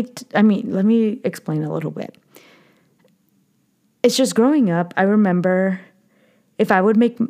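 A woman's voice: on the low side, darkish tone. A young adult woman hosting a podcast, talking earnestly and emotionally in a casual monologue, with many fillers and restarts. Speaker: podcast host.

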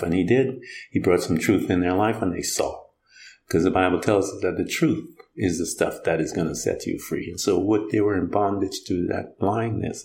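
Gravelly preacher in a roomy echo. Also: male voice, low voice, darkish tone. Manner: plain-spoken, retells scripture with voiced quotes. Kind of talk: conversational sermon.

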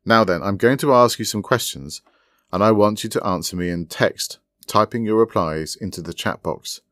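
A man's voice: lowish voice, fairly bright tone, no room sound, clean studio sound, close to an everyday voice. A man voicing a genteel, enigmatic old sleuth. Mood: measured. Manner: polite and fatherly, measured questions. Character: courteous older male sleuth, genteel, enigmatic.

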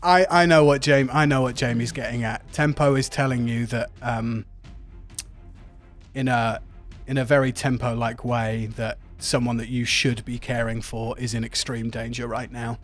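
A man narrating as game master, relaxed and chatty. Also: medium pitch, moderate pace, soft background music.

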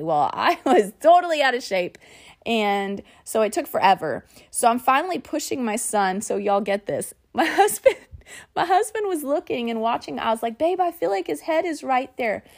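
A young woman, telling her own story in a lively, chatty way, often laughing and acting out what was said. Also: medium pitch. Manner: animated, laughing, says "y'all", acts out her own and her husband's lines. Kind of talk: personal storytelling.

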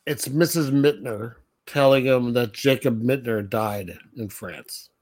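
A man's voice: mid-range voice, a little slow, darkish tone. A man co-hosting a podcast, loosely retelling a film in casual chat with lots of fillers and frequent laughs. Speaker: podcast co-host. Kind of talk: casual movie discussion.

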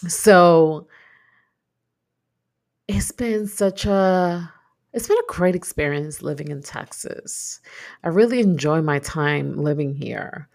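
A woman's voice: low-pitched, takes it slowly, gravelly, pauses often, a little mellow. A woman from Brooklyn with a New York accent, hosting a podcast in reflective, chatty casual talk. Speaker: podcast host. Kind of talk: casual solo podcast chat.

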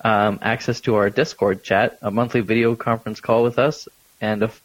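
A man's voice: lowish voice, flat delivery, moderate pace, dry recording, highs cut off. A man from Canada co-hosting a podcast, tossing in dry, teasing one-liners during casual chat. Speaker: podcast co-host.

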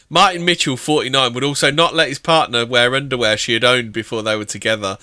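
A man's voice: medium pitch, pushed and bright, smooth, no echo. A man in a casual group chat, reading news stories aloud with sweary, teasing banter.

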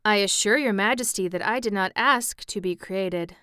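A woman voicing an earnest, slow-witted male pumpkin-headed wooden man in a storybook reading. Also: medium pitch, bright, forceful tone, clean tone, no echo, clean studio sound, natural voice.

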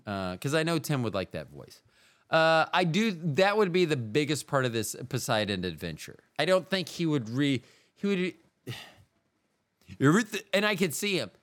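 Podcast guy rambling solo, smooth clear voice, wry, keeps cutting himself off. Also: on the high side, big pitch swings, normal speed, fairly bright tone. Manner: meandering, self-interrupting, wry. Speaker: podcast host.

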